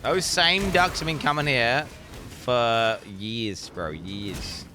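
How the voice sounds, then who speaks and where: A male game streamer giving casual commentary, excitable and quick to swear while talking to his chat. His voice is bright and swings widely in pitch, with a faint hiss of noise behind it. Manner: excitable, profane, chatty asides to chat.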